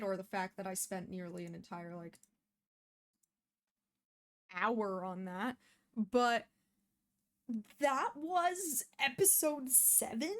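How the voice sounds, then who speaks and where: A woman hosting a reaction video, talking casually and emotionally, with many fillers and restarts. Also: on the high side.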